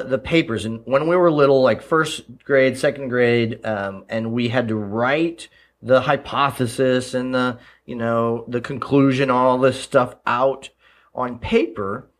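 Male podcast host, mid-pitched, conversational storyteller with frequent ums and restarts. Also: fairly bright tone. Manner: storytelling, repeats phrases, frequent fillers. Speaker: podcast host, leadership coach. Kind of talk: casual solo podcast talk.

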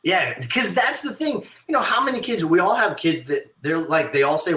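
A man's voice: fairly high pitch, lively intonation, normal speed, few pauses, bright, forceful tone. A man who runs martial arts schools, hosting a casual podcast chat and thinking aloud with many restarts. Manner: thoughtful, rambling, with many restarts. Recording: roomy echo.

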